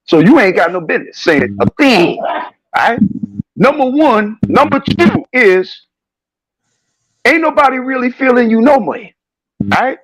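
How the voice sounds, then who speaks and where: A man's voice: high-pitched, no room sound, poor audio. A man in a heated live stream rant, preaching and calling people out in confrontational street talk over a call connection. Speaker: guest on a live stream show.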